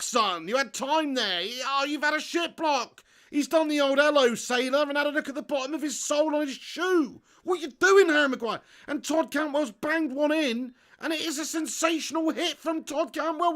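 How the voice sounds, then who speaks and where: A man hosting a live football watch-along, reading viewer chat aloud, swearing freely and bursting into shouts at big moments. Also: extremely high pitch, normal speed, hardly any pauses. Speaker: fan channel host. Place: home setup in front of a green screen.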